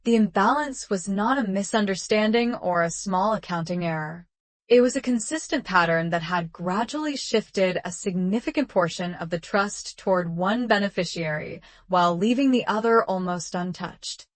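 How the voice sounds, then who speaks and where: A woman narrating a first-person drama story in a calm, measured, even way. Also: mid-range voice, dry recording.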